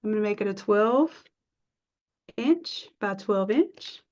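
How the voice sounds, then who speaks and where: A woman's voice: medium pitch, animated, takes it slowly. Chatty woman teaching design live. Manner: chatty, encouraging, thinks aloud while working. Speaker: design instructor. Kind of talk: live screen-share tutorial. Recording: dull lo-fi stream audio.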